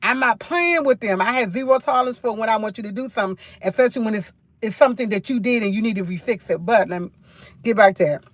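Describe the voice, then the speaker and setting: A woman's voice: on the high side, quick pace, no echo. Chatty New woman livestreaming. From New York. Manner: chatty, repeats phrases, rambling storytelling. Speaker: livestream host. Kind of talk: casual live chat.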